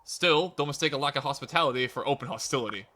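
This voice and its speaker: A man voicing a steadfast, loyal male knight in his own voice, with formal, measured wording. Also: medium pitch, pushed and bright, pitched below the performer's own voice, lightly acted. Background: game music.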